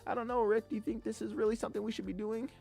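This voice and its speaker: A jittery teenage cartoon boy, as a man puts him on, pitched well above a man's normal voice and stammering over his words. He sounds timid and fretful, with soft, hesitant delivery. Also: little pitch movement, rapid-fire, gravelly, faint music behind. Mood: scared.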